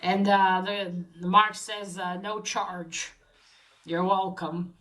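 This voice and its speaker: Slow, bright-voiced woman recapping a story. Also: medium pitch, flat delivery, rough recording. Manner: halting, many fillers and restarts. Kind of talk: casual spoken recap.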